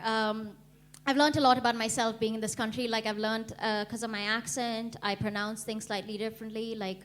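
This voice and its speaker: A young woman from India performing a stand-up comedy set, deadpan and laughing at her own jokes. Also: a little high. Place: comedy club stage.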